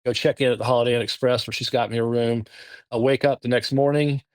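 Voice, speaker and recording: A man's voice: mid-range voice, no echo. Southern man telling a story. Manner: animated, halting, lots of restarts. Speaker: podcast guest. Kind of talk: casual storytelling.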